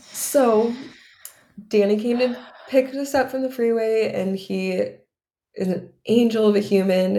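A woman's voice: mid-range voice, gravelly, warm tone. A woman in her thirties, a podcast co-host, telling a personal story in a candid, run-on way with many filler words.

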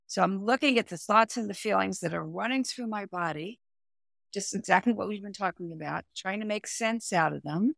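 Woman, middle-aged, coach in a podcast interview, explanatory, animated, gravelly voice. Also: mid-range voice, brisk, no echo, clean studio sound. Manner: animated, explanatory, talks with her hands. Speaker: executive performance coach and therapist. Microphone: remote audio, no camera.

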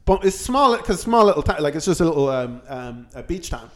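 A man's voice: on the high side, big pitch swings, a little fast. A man hosting a podcast, telling a story in casual chat. He swears freely and acts out the quotes. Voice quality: swears freely, tells anecdotes with acted-out quotes. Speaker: podcast host.

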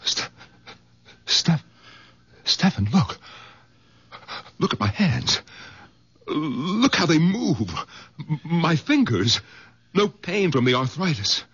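An actor playing a middle-aged doctor who stammers and swings into ecstatic outbursts, in a 1970s radio drama. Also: male voice, fairly high pitch, very animated, extremely slow, creaky, long pauses, a bit bright, breathy edge, full character voice. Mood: overwhelmed, awed. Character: middle-aged male doctor, excitable and volatile. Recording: dull lo-fi 1970s radio recording.

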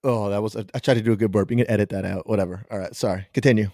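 A man's voice: lowish voice, steady tone, very fast, darkish tone, a little hiss or hum. A young man ranting profanely on a casual podcast, mocking people he dislikes in squealing put-on voices. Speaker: podcast host.

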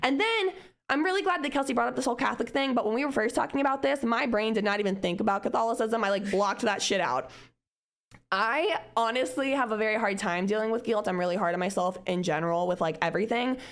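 A young woman co-hosts a podcast, talking fast in a fairly high voice. She's candid and casual, swears freely, laughs between remarks, and lively acts out her past self in quotes.

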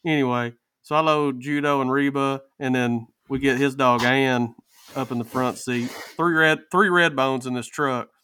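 A man's voice: mid-range voice, fairly even intonation, normal speed, sharp tone, smooth, no room sound. A man telling a story in casual chat, acting out what people said. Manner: drawling storyteller, acts out quotes. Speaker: podcast panelist.

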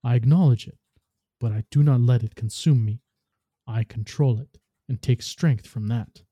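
A man reading the lines of a weary, scarred man who speaks calmly and with control. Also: medium pitch, moderate pace, no room sound, close to an everyday voice. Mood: somber.

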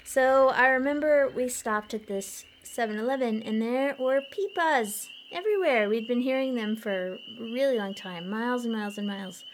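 Giggly chatty woman, slightly high. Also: normal speed, hardly any pauses, slight background noise. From Colorado. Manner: chatty and giggly, animated storytelling. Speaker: podcast co-host. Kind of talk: casual chat.

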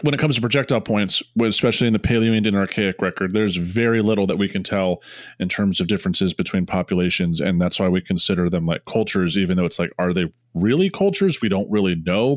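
A man's voice: fairly low pitch, fairly quick, no room sound, clean studio sound. A young man co-hosting a podcast, talking in a rambling, joking way full of fillers. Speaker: podcast co-host. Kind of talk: casual chat.

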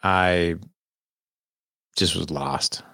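A deep-voiced man tells a personal story in a candid, conversational way. His voice has a gravelly, fry-heavy texture, and the sound is dry and close. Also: fairly even intonation, extremely slow, sharp tone, no echo. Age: 40s. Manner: candid, conversational, quotes people in dialogue. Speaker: guest. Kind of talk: personal storytelling in a podcast interview.

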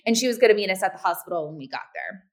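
A woman in her thirties, a podcast co-host chatting casually and acting out quoted lines with sudden pitch jumps. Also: very animated, rapid-fire, crowd noise. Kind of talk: casual chat.

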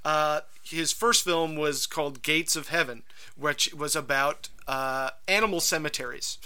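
A man co-hosting a podcast in casual chat, telling stories in an animated, rambling way. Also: on the high side, a little slow, clear, resonant tone. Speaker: podcast co-host.

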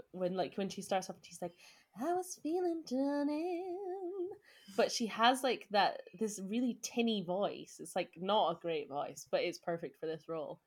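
A young woman co-hosting a podcast in casual chat, talkative and quick to laugh, often trailing off into filler words. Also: fairly low pitch. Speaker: podcast co-host.

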